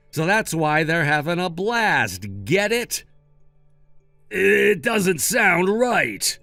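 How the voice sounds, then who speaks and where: A man's voice: a little high, a bit bright, no room sound. Firm, sarcastic male storyteller. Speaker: first-person story narrator. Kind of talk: scripted story narration with dialogue.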